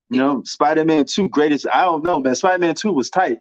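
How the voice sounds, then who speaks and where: A man's voice: a little high, expressive, moderate pace, dry recording, lo-fi sound. A man with a New York accent chatting casually and rambling about movies, full of slang and fillers. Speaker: movie commentator. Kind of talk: casual chat.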